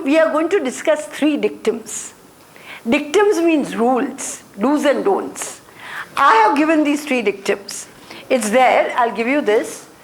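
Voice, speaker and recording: A woman leading a motivation training class, speaking in short repeated phrases and checking in with her listeners. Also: sits high. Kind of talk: classroom lecture. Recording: echoey room.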